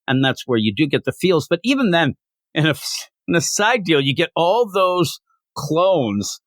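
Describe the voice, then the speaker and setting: A man in casual chat, retelling a comic book's plot and now and then acting out the characters' lines with big jumps in pitch. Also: moderate pace, no echo. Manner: animated, acts out quotes with big pitch jumps. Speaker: comic book reviewer, co-host.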